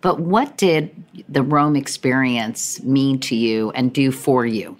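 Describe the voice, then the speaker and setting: A middle-aged woman hosting a podcast, playful and quick to laugh while chatting with her guest. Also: a bass voice. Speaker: podcast host. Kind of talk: casual interview chat.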